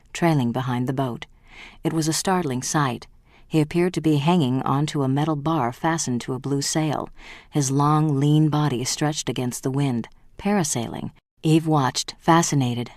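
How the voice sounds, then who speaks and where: An audiobook narrator reading a novel in an even, measured way. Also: mid-range voice, dry recording, clean studio sound. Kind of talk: scripted narration.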